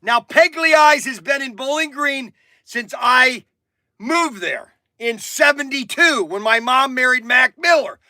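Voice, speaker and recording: A man's voice: extremely high pitch, expressive, unhurried, bright, forceful tone, no echo. A man in his sixties hosting a stream, telling an indignant story with a raised voice. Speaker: hobby shop owner hosting a stream. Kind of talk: ranting storytelling.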